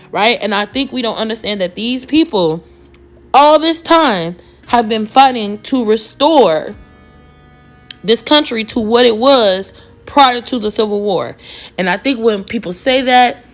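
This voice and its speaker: Woman ranting heartfelt into the cam, swears a lot, nervous laughs, soft music low in the background. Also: animated, measured pace. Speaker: social media commentator. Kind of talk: emotional casual monologue.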